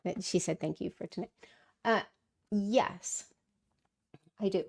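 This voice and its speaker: A woman's voice: medium pitch, slow pace, gravelly. A middle-aged woman hosting a casual livestream, answering viewer questions in a thoughtful way with frequent fillers and restarts. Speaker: livestream host.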